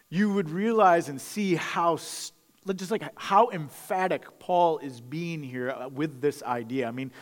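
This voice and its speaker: A man's voice: fairly high pitch, big-room sound. A man preaching a sermon, emphatic and conversational, repeating key phrases and dropping in casual asides. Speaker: pastor.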